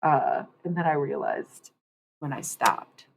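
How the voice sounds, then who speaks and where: Low pitched lady streamer rambling on, swears a lot, faint background hum. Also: takes it slowly, creaky. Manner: rambling, candid, swears freely. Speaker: livestreamer. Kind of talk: casual live-stream chat.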